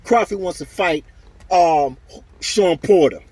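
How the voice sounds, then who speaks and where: A man's voice: high-pitched, lively intonation, slow, a little mellow, husky, no echo. A man ranting angrily to camera about boxing, heated and profane, repeating himself as he vents. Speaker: boxing commentary vlogger. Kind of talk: angry opinion rant to camera.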